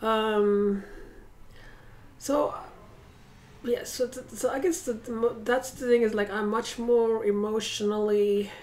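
This home vlog features a woman talking to a camera across the room, slowly and steadily, in a slightly high but darkish voice. Her casual monologue is thoughtful and meandering, punctuated by many hesitations.

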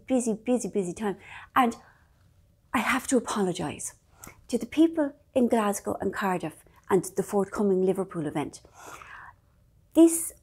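Husky chatty Irish woman. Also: medium pitch, mellow. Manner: chatty, self-deprecating, with whispery asides. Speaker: author. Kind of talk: casual vlog chat.

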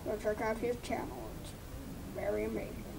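A woman's voice: medium pitch, steady tone, fairly quick, vocal fry, noisy background. A woman vlogger chatting casually to viewers while painting, rambling through asides and self-talk.

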